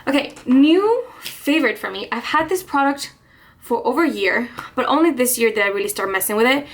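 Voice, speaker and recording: A woman's voice: a little high, lively intonation, fairly quick. Chatty woman, slightly breathless. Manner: chatty, rambling, frequent restarts and little laughs. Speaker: beauty vlogger. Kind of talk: casual get-ready-with-me chat.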